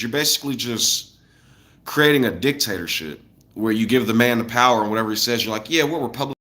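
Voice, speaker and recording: A man's voice: medium pitch, bright, forceful tone. A man in his thirties from the United States, ranting casually to viewers in a loose, slangy, blunt way. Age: 30s.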